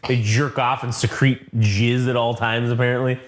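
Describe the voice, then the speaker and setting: A man co-hosting a casual comic book review, profane and animated as he retells the story. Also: mid-range voice, moderate pace, crowd noise. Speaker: podcast co-host. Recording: echoey room.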